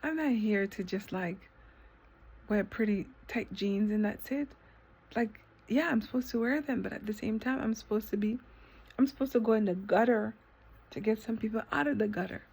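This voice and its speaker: A woman's voice: medium pitch, darkish tone, husky. A woman vlogger talking to herself in an impassioned, emotional monologue, repeating herself, swearing, and at times dropping to a whisper. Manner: halting restarts when emotional. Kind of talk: emotional self-talk monologue.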